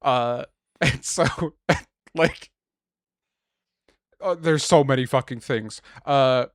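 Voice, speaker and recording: A young man co-hosting a podcast in casual chat, ranting with lots of swearing and bursting into loud, exasperated shouts. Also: medium pitch, takes it slowly, long pauses, clear, resonant tone, no room sound, clean studio sound. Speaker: podcast co-host.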